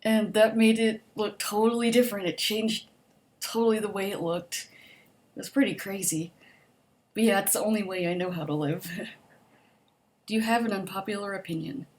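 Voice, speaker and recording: A woman's voice: mid-range voice, fairly even intonation, normal speed, pauses often, a little mellow. A young adult woman casually reading survey questions aloud and answering them in a chatty, upbeat way, with lots of "like" and "um". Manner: chatty, upbeat, optimistic, frequent "like" and "um". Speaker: vlogger.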